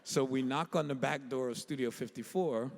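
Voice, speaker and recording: A man in his sixties tells a lively story to a live audience and breaks into laughter as he talks. His voice sits at a middle pitch. A long hall reverb trails every phrase, as from an auditorium stage. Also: normal speed, creaky. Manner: animated, laughing storyteller, many restarts. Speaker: panelist.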